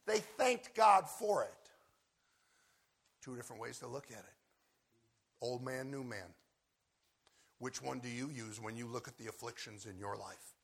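A man preaching a sermon, shifting between loud shouted re-enactments of scripture figures and low, quiet appeals to his listeners. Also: animated, unhurried, creaky, long pauses, slightly rough. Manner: swings from loud shouted acted quotes to low quiet asides. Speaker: pastor.

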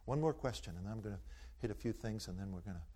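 A man's voice: fairly low pitch, lively intonation, rapid-fire, dark tone. A man giving a talk to an audience, telling stories in a folksy way and driving his points home with rhetorical, preacherly emphasis. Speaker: speaker taking audience questions. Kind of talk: folksy storytelling lecture.

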